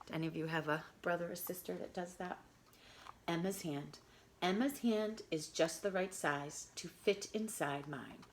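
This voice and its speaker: A woman reading a picture book of poems aloud to children, expressive and adding chatty asides to her listeners. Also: fairly low pitch, normal speed, a little hiss or hum. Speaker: reader.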